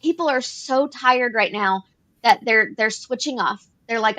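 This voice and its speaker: With a slightly high, bright voice and a forceful tone, a woman co-hosts an advocacy podcast at an unhurried pace. She explains policy earnestly, repeating phrases while working through her points.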